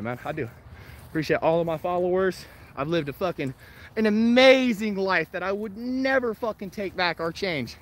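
A man chatting casually and bluntly on a morning walk with his dogs, swearing freely and laughing as he reads and answers comments. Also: high-pitched. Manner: profane, blunt, laid-back, laughs often. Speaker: vlogger reading live chat. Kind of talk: casual rambling chat on a walk.

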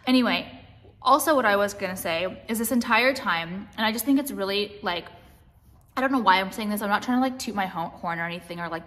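A woman's voice: medium pitch, pushed and bright. A young woman talking casually to her viewers in a rambling, confessional way, full of restarts and fillers. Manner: rambling, many likes and restarts. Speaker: vlogger. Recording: long reverb.

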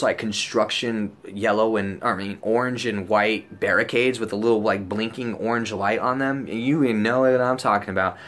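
A man's voice: fairly low pitch, fairly bright tone, slight background noise. Young guy vlogging a rambly story, swears a lot, says like and dude constantly, voice jumps up when he quotes himself. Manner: rambling and profane, full of "like" and "dude"; acts out his own past lines in a raised voice. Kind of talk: casual storytelling.

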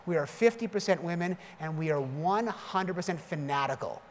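A middle-aged man delivers an emphatic conference keynote, lacing it with jokey asides. His voice sits fairly high. It rings with long reverb in a large hall over faint background noise. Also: animated, normal speed. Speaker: keynote speaker.

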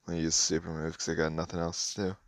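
A man's voice: sits low, level tone, rapid-fire, no room sound, studio quality. A man giving offhand, casual running commentary while playing a mobile game, muttering his thoughts as he goes.

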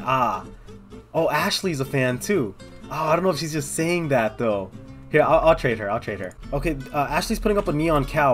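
A young man giving excitable, casual commentary on his own gameplay, thinking aloud and talking straight to his viewers. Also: medium pitch. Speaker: gaming video host.

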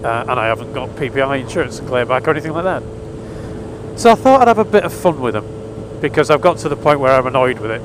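Out on his motorcycle, a vlogger spins a casual yarn with dry humor and a touch of exasperation. His mid-range voice is expressive and quick, set against a noisy backdrop.

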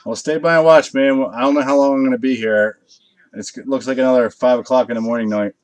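A man's voice: mid-range voice, steady tone, fast talker, dry recording. A man hosting a live card break, chatting casually with viewers and swearing freely as he opens packs late at night. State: tired from a long night.

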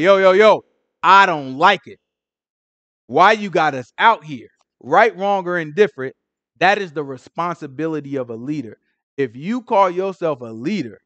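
A man's voice: on the high side, no room sound. A man giving casual, emphatic Bible teaching, full of rhetorical questions and conversational asides. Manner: frequent "you know what I'm saying". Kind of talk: casual street-style teaching.

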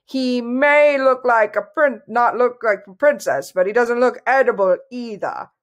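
Woman reads a reasonable dragon; calm and matter-of-fact. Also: fairly high pitch, measured pace, voice pushed up, close to an everyday voice. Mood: reasoning.

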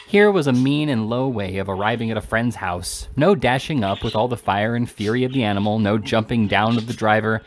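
Brief: amateur male reader, plain steady narration of a classic novel. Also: mid-range voice, slight background noise. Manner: steady, occasional slips and restarts. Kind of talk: reading a classic novel aloud.

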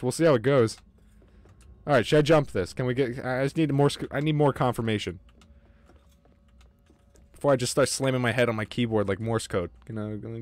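A man's voice: medium pitch, no room sound. A man streaming a horror game, talking to his chat in a jittery way and swearing often. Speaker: gaming streamer. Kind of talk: live gameplay commentary.

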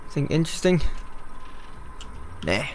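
A man's voice: fairly high pitch, very animated, normal speed, a little hiss or hum. A man giving casual, sarcastic, profane commentary as he plays a video game, muttering to himself. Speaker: let's play host.

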